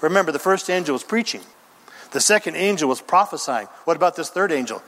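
A male pastor preaches with a high, lively voice that swings widely in pitch. His delivery is emphatic and theatrical, with pauses and rhythmic lists. The sound carries a long reverb from a church sanctuary. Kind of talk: sermon.

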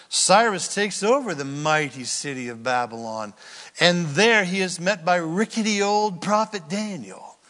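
A man's voice: fairly high pitch, fairly bright tone, big-room sound. A man preaching a sermon, teaching through Bible verses and acting out the people in them. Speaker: pastor.

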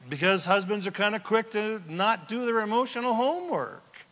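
Impassioned high-voiced preacher in a hall. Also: male voice, lively intonation, a little fast. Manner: impassioned preaching, builds to shouts then drops to a hush. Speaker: pastor. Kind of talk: sermon.

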